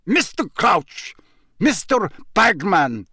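A man reading an audiobook, voicing an unctuous, disdainful headmaster who turns angry, in a raised and forceful voice. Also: sits high, very animated, takes it slowly, slightly rough, dry recording, clean studio sound, voice pushed up, heavily acted. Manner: oily, disdainful, then angry.

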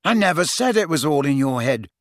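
A man's voice: fairly high pitch, sing-song, a little fast, dry recording, clean studio sound. A man reading an audiobook, voicing an easygoing teenage boy with a casual, reasonable, teasing manner. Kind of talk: audiobook character voice.

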